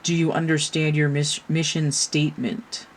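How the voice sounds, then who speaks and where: Sitting low with little movement in pitch, a woman reads tarot at a moderate pace against a light hiss or hum. She keeps it casual, frank and sweary, peppering listeners with rhetorical questions.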